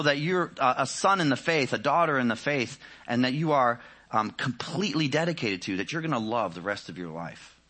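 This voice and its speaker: A man preaching a sermon in a conversational way, often saying "you know", rising with energy and then dropping to quiet, searching questions. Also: fairly high pitch, slightly rough.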